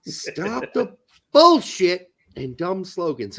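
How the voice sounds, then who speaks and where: A man's voice: high-pitched, sing-song, slow pace. A man co-hosting a soccer podcast, ranting in a casual, profane and heated way. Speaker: podcast co-host. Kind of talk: casual sports-podcast rant.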